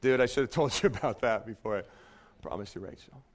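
A man's voice: mid-range voice, fast talker, pitched below the performer's own voice, natural voice. A pastor acting out a scheming older father-in-law who makes casual excuses, told in a church. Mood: offhand. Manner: offhand, excuse-making.

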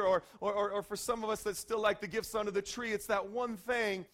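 A man in his forties preaches with a notably high voice. He tells his stories with energy, acting out the voices of the people in them and breaking into shouts. His delivery is that of a pastor leading a sermon. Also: fairly even intonation, fairly quick, few pauses.

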